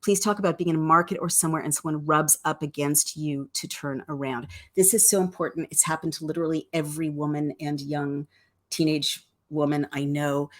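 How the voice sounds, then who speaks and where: Low-voiced woman hosting a live stream. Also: fairly even intonation, brisk. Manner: affectionate, calls her guest darling and sweetheart. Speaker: host. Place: home, on a computer.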